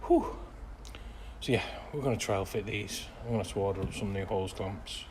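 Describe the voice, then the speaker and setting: A lowish-voiced man talks through a car restoration in his workshop. His delivery is dry and sarcastic, with deadpan grumbles set between plain, practical explanation. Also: quick pace, noisy background. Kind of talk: workshop vlog narration.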